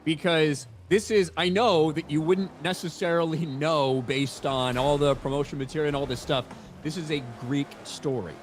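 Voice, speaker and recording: A man's voice: on the high side, fairly even intonation, moderate pace, a little hiss or hum. A man laying out an argument at length in a casual panel chat.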